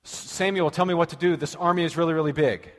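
A man's voice: on the high side, fairly even intonation, fast talker, in a large hall, natural voice. A man voicing an anxious, self-absorbed king who rambles in a flustered, offhand way.

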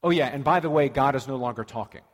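A man's voice: medium pitch, quick pace, big-room sound, natural voice. A man doing a flustered rambling king. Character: anxious, self-absorbed king, rambling.

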